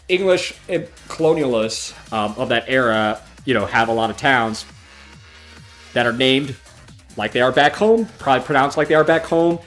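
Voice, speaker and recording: Chatty man with a Chicago accent. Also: medium pitch. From Chicago, USA. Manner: chatty and profane, with loud outbursts at the game. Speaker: gaming livestream host. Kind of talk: casual chat while playing a fighting game.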